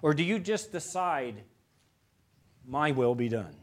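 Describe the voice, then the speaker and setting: A male pastor preaching a sermon, moving between loud emphatic lines and quiet, hushed ones. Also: very animated, slow pace. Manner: preaching with wide swings from loud emphasis to hushed low tones.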